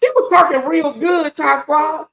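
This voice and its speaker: A woman hosting a casual live stream, talking in an animated, ranting way and laughing often. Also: high-pitched, a little slow. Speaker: livestream host.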